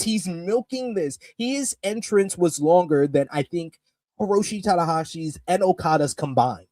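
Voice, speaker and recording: Excitable high-voiced man recapping. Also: normal speed, dry recording. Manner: animated, profane, laughing storyteller. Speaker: wrestling podcast co-host.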